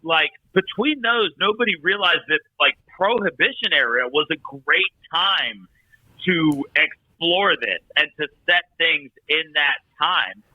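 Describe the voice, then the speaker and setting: A man's voice: a little high, lively intonation, measured pace, breathy edge, no room sound, lo-fi sound. A man co-hosting a casual podcast chat, talking at length with many restarts. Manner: rambling, many restarts and fillers. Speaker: podcast co-host.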